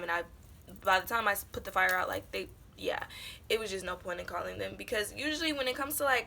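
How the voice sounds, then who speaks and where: A woman's voice: medium pitch, vocal fry, sharp tone. A young adult woman vlogger telling a personal story in a casual, chatty way, full of fillers. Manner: chatty, meandering with lots of fillers.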